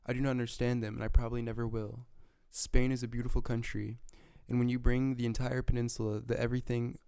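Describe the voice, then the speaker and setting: A man voicing an aging male dictator who reads a formal speech from game text in his own gravelly, flat voice. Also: mid-range voice, fast talker, no room sound, close to an everyday voice.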